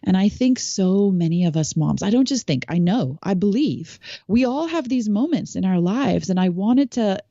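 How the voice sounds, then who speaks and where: A woman in her forties, originally from South Africa, speaks as a podcast guest with a warm, mellow voice. She tells her stories in an animated, expressive way, often laughing as she goes. The sound is dry and a little muffled, like a lo-fi recording. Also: mid-range voice, normal speed, few pauses, no room sound. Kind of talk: conversational storytelling.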